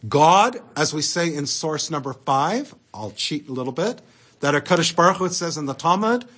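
A man giving an animated Torah lecture as a rabbi, talking conversationally and asking the audience rhetorical questions. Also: fairly high pitch, normal speed, breathy edge.

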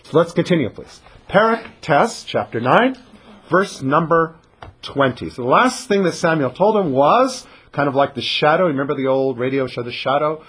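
A man's voice: a little high, moderate pace, slightly rough. A man teaching a verse-by-verse scripture class, reading verses and acting out the characters' lines. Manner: animated, acts out the characters' lines. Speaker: Torah teacher.

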